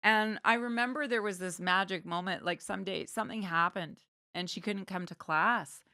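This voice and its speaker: A woman from Canada, a guest artist on a podcast, talking in an animated, casual way. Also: mid-range voice, moderate pace, no echo, studio quality. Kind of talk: casual interview chat.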